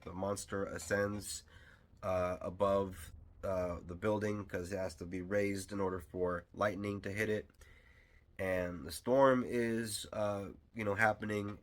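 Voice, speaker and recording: A man with a deep, low voice talks through a film review in an easy, unscripted way. He wanders, restarts and fills pauses, but his fan's enthusiasm keeps coming through. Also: fairly bright tone. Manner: loose and rambling, with many fillers and restarts; enthusiastic fan. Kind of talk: casual spoken film review.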